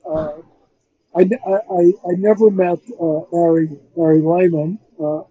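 An older man recalling old times in a casual interview, rambling and animated, restarting his sentences often. His voice sits high for a man yet sounds very dark and husky. The audio is dull and lo-fi, like a video call. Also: measured pace. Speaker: film composer, guest.

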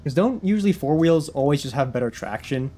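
Casting young male streamer, slightly high voice, loose rambling delivery that keeps doubling back on itself, laughs a lot. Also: animated, a little fast, warm tone. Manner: rambling, self-interrupting, laughs often. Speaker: game streamer. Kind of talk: casual live-stream chatter.

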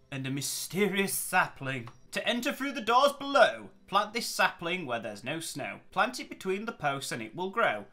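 A man narrating his gameplay with excitable, exclamatory commentary and faint music behind. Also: on the high side. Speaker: gameplay channel host. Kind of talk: let's play commentary.

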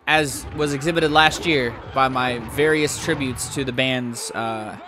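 A young man commentating his own video game play, swearing and shouting at the game in bursts. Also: on the high side, a little slow, soft background music. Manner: excitable, profane, yells at the game. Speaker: gaming YouTuber.

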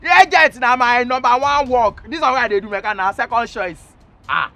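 A Nigerian man in a comedy sketch plays a cocky hustler who talks fast. His voice sits high and rings bright and forceful. He keeps the boasting going without a pause. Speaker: comedian playing a hustling agent. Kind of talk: comic sketch in pidgin.

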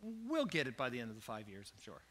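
A man preaching a sermon as lead pastor, telling a story with animated, self-joking delivery. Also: medium pitch, fast.

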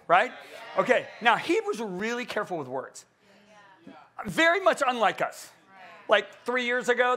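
A middle-aged man preaching a conference sermon, emphatic and animated, acting out quotes in different voices. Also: fairly quick. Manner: animated, emphatic, acts out quotes with big pitch swings.

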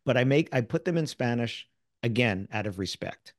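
An American man, middle-aged, speaking as an interview guest and sales author, telling lively stories and acting out the people he quotes. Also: medium pitch, normal speed, no echo, studio quality. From United States. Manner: animated storyteller who acts out quoted people. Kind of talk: casual interview storytelling.

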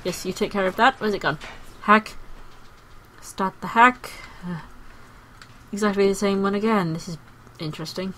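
A woman's voice: medium pitch, normal speed, fairly bright tone, a little hiss or hum, low-quality recording. Chatty woman playing a game. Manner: chatty, exclaiming, playful. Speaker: gaming video host. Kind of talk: casual game commentary.

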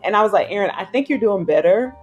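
Lively woman telling a story. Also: medium pitch, fast talker, breathy edge, muffled recording, faint music behind. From South Carolina, US. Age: 30s. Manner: acts out quoted voices, slangy and emphatic. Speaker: guest filmmaker. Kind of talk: animated storytelling in casual chat.

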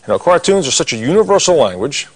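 A man's voice: a little high, big pitch swings, quick pace, slightly rough. A middle-aged man teaching a cartoon drawing lesson, talking through each step as he draws and cracking corny jokes. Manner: folksy, corny jokes, talks while drawing. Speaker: drawing instructor.

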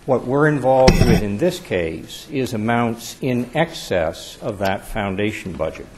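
A man speaking as an attorney in court, giving a measured, deferential formal legal argument. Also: medium pitch, animated, heavy background noise. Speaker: attorney arguing before an appeals court.

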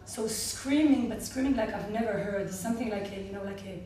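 A woman medical clown with an Israeli accent telling a personal story to a panel audience, animated, with frequent laughter and halting restarts. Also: medium pitch. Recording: echoey hall, distant mic, audience noise.

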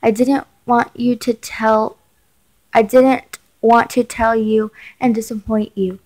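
A woman's voice: a little high, little pitch movement, slow, darkish tone. A woman reading as a firm, secretive mother. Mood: tense. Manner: firm, urging caution. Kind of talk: reading a chat story aloud.

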